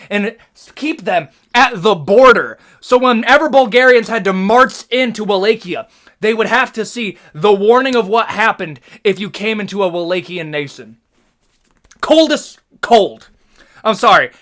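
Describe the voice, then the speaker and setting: A young man from the United States with an American accent hosts a tier list, delivering slangy, animated commentary and swearing freely. His voice is high-pitched.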